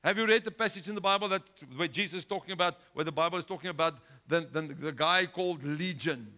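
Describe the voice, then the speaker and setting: A male pastor preaching a sermon with a South African accent, swinging between loud urgent exhortation and quiet, low asides. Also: quick pace. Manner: impassioned preaching, rising loud then dropping low.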